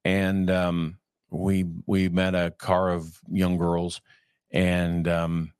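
Deep, gravelly man in his fifties from California; reads steadily, drifts into rambling asides; dry close sound. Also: monotone, darkish tone, dry recording. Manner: reads evenly, then digresses in a halting conversational way. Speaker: reader and commentator. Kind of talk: reading aloud with personal asides.

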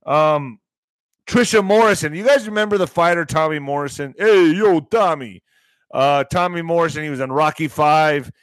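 A male host of a live online commentary show, talking in a rambling, excitable way that sometimes bursts into shouting. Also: a little high, normal speed, clean tone, no echo.

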